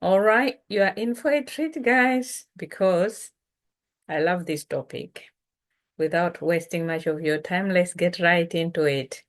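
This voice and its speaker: A middle-aged woman, teaching words in a relaxed, chatty lesson. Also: lowish voice. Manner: relaxed, chatty, slow after lunch. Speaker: language teacher. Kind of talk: casual language lesson.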